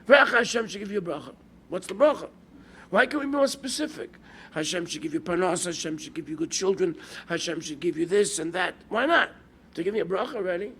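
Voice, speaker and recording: A man teaches an informal Torah lesson as a rabbi, moving from story to rhetorical question. His voice sits high and bright, with a gravelly fry and a husky grain. He talks casually and throws sudden weight onto single words. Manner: conversational, storytelling, rhetorical questions, bursts of emphasis. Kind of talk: informal Torah lecture with stories.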